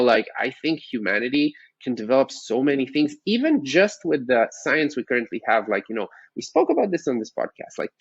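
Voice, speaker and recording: A man's voice: medium pitch, dry recording. Male podcast co-host, keen explainer, dry and muffled lo-fi sound. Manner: enthusiastic, explanatory, frequent fillers like "like". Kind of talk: casual chat about finance.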